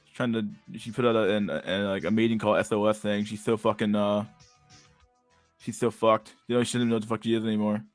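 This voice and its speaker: A man's voice: fairly low pitch, little pitch movement, fast talker, faint music behind. Sarcastic young man ranting. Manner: incredulous, sarcastic, profane, says dude a lot. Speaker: stream host reacting to videos. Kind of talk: casual profane reaction commentary.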